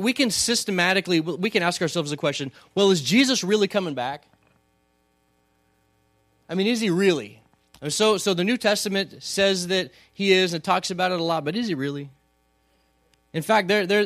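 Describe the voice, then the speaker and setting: A man with a fairly high voice preaches a sermon in a relaxed, conversational way. He keeps turning to the congregation with questions. The sound is dry and close, with little room echo. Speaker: pastor. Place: church hall.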